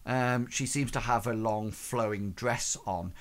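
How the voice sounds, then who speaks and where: A man's voice: medium pitch, steady tone, a little slow. A man narrating a tabletop game as game master, rambling with many fillers.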